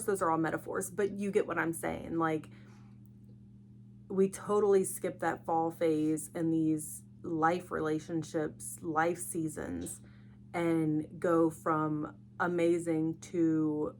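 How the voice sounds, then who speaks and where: Tired woman podcasting, lowish voice. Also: slight background noise. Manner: chatty, rambling, reflective. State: tired, yawning. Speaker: podcast host. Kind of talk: casual solo podcast talk.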